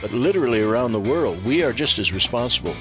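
A man's voice: mid-range voice, expressive, fast, fairly bright tone, faint music behind. A man explaining scripture on a Christian radio talk show, expansive and preacherly, building to emphatic rhetorical questions. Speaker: ministry leader guest.

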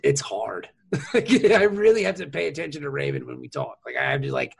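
Raspy, gravelly man hosting with lots of laughter. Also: mid-range voice, fairly quick. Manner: laughs often, animated, playful. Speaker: podcast host. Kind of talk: casual chat.

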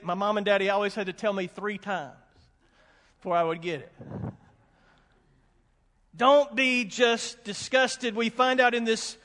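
A pastor delivers a sermon in a strikingly high voice, pressing his points by repetition and slipping in folksy jokes. His words ring out with the long reverb of a large church hall. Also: a bit bright. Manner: emphatic, repeats warnings, folksy asides. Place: church sanctuary with congregation.

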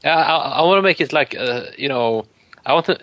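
Male podcast co-host, comic and animated, dry close mic. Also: fast talker, no room sound, lo-fi sound. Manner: jokey, puts on squeaky voices for bits. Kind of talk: casual comedic banter.

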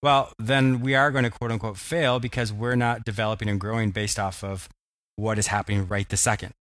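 A man's voice: fairly low pitch, fairly even intonation, a little fast, fairly bright tone, no echo, studio quality. A man hosting an interview show, asking long, rambling, thoughtful questions and laughing easily. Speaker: podcast host. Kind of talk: casual interview chat.

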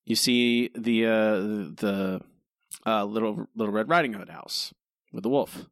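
A man's voice: lowish voice, a little slow, a bit bright, dry recording, clean studio sound. A man with a Philadelphia accent co-hosting a casual podcast, ranting in an exasperated way. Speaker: podcast co-host.

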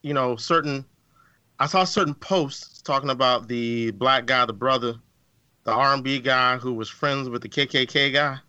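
Bright-voiced emphatic man in chat. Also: mid-range voice, moderate pace, clear, resonant tone, dry recording, lo-fi sound. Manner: emphatic, insistent, repeats words. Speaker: podcast co-host. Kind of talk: casual chat.

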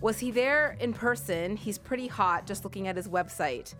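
A woman's voice: mid-range voice, moderate pace, a bit bright, soft background music. A woman hosting a radio show, chatting casually with a giggly, rambling manner. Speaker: radio host.

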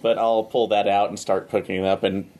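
A man's voice: fairly low pitch, flat delivery, a little fast, a little mellow. A man playing a tabletop role-playing game, chatting playfully in character and out. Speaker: player. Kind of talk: casual tabletop play.

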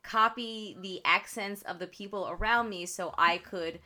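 A woman with a Long Island accent, co-hosting a casual chat and telling animated stories with frequent laughter. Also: medium pitch, measured pace. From Long Island, New York. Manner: animated storytelling, laughs often. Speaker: podcast co-host.

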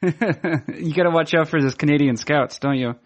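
A man's voice: a little high, moderate pace, muffled recording. Dry, mock-formal male podcast host. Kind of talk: casual podcast chat and read sponsor ad.

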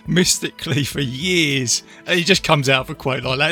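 A man's voice: a little high, normal speed, bright, forceful tone, soft background music. A man co-hosting a podcast, chatting about a film and retelling its scenes. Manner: chatty, recounts scenes with quoted lines and laughs. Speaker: podcast co-host. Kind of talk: casual film discussion.

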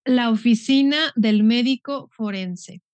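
A woman reads short model phrases aloud for learners. Her delivery is slow and deliberate. Her voice is fairly high, and the sound is dry and close. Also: a little mellow, no room sound.

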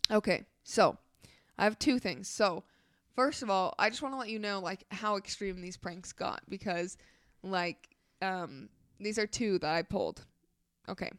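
A woman's voice: mid-range voice, measured pace, no echo, clean studio sound. Giggly young woman co-host telling stories. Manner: animated storyteller, giggly. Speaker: podcast co-host. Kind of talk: casual chat.

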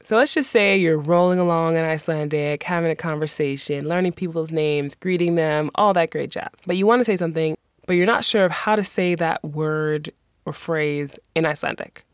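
A woman teaching common phrases in a patient, encouraging way, slowing down and repeating each one to model how it sounds. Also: low voice, clean tone, dry recording, studio quality. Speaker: language teacher. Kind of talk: phrase lesson with slow repetition.

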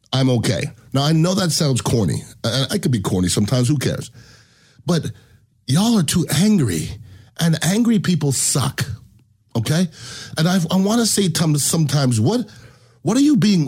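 A man's voice: mid-range voice, a little mellow, breathy edge. A podcast host, a man, giving a blunt, opinionated monologue and swearing freely.

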